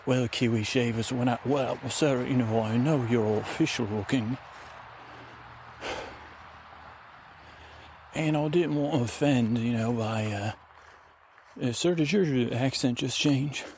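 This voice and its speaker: A man's voice: medium pitch, slow pace, gravelly. A man voicing a polite, nervous park ranger who talks hesitantly and deferentially, recorded outdoors on a handheld recorder. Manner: deferential, hesitant, lots of "sir". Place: outdoors on a wooded trail. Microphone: handheld recorder with fuzzy windscreen. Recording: faint outdoor traffic ambience.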